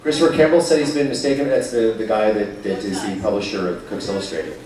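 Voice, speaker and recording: A man's voice: lowish voice, quick pace. A man from the United States taking audience questions at a live event, joking and mocking himself. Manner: joking, wry, self-mocking. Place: large hall with a live audience. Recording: echoey hall, distant mic, loud crowd noise.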